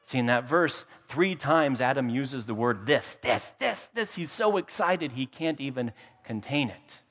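A man preaching a sermon at an ordinary middle pitch, telling stories with gentle humor and repeating words as he builds his points. His voice rings out with a long hall reverb, as if recorded in a church sanctuary. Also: animated, a little slow. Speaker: pastor.

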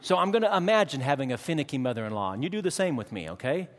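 A man preaching a sermon to a congregation, dramatic, slowing down and changing his loudness for emphasis and acting out short exchanges with his listeners. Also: on the high side, sing-song. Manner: acts out quick dialogue with the congregation. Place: church hall. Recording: long hall reverb.

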